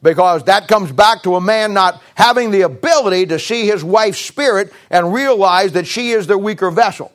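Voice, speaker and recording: A man's voice: sits high, moderate pace, hardly any pauses. A middle-aged male pastor preaching a sermon in a folksy, emphatic, storytelling way.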